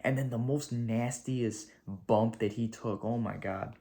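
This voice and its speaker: With a medium-pitched voice at a slightly slow pace, a man rambles through a wrestling show in a casual video review, gushing excitedly, using slang and swearing freely.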